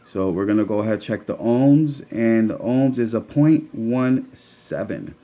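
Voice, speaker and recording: A vape channel host with a Connecticut accent chats casually, talking viewers through a hands-on build as he works. His voice is fairly low, unhurried, and mellow.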